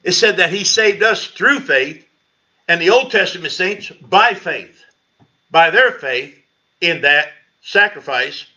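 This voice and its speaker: Middle-aged male pastor, church Bible study testimony, animated storytelling, bright forceful voice, lo-fi livestream sound. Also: slow pace. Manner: storytelling, animated, rises high when quoting himself.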